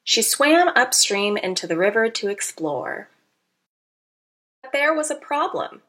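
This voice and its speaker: A woman reading a children's picture book aloud, with a bright, clear tone and a fairly high voice. Her pitch rises and falls widely as she plays up each line. She adds playful asides to young listeners. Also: a little slow. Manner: expressive, playful, teacherly asides. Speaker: narrator. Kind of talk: children's storybook narration.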